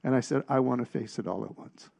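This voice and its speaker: Brief: middle-aged male preacher, gravelly testimony voice, loose and storytelling. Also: mid-range voice, dark tone. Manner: storytelling, halting restarts, rises in volume at punchlines. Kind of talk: personal testimony sermon.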